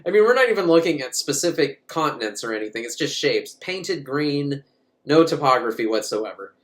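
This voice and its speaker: Casual male film reviewer, profane and rambling, higher voice, very lively pitch. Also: a little fast. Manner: profane, rambling, laughs often. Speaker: movie reviewer. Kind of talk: casual comic movie recap.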